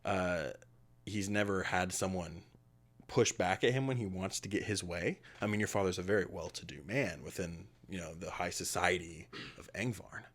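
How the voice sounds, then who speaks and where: A man narrating as game master in a tabletop game, rambling and animated, with lots of fillers. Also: deep voice, normal speed.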